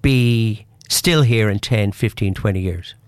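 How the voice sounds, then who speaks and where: A man's voice: fairly low pitch, a little slow, clear, resonant tone, no room sound. Chatty man plugging his business on radio. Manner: chatty, restarts often, salesy. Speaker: business owner guest. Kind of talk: casual radio interview.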